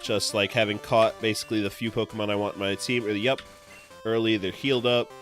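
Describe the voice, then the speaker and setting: A man from New England chatting casually while hosting a live game stream, laid-back and quick to chuckle. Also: lowish voice, steady tone, a bit bright, soft background music. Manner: laid-back, chuckles often, hesitant fillers. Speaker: streamer host playing a game.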